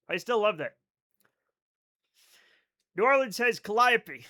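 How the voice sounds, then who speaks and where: Young male streamer with a high, sharp voice who is chatty and profane and riffs on chat. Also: animated, takes it slowly, pauses often. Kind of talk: casual live-stream chat while gaming.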